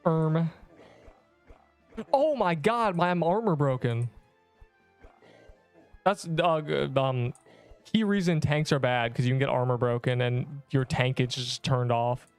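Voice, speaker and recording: A man's voice: medium pitch, a little slow, pauses often, clear, resonant tone, faint music behind. A man in his twenties livestreaming a game, chatting casually and rambling as he reads chat messages aloud.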